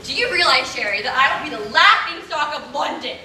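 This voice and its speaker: A woman's voice: high-pitched, lively intonation, fairly quick, pushed and bright, exaggerated voice. A woman playing a vain, melodramatic stage diva. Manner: melodramatic, imperious. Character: vain, theatrical glamorous stage actress. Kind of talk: community stage play. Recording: echoey hall from far off, noise.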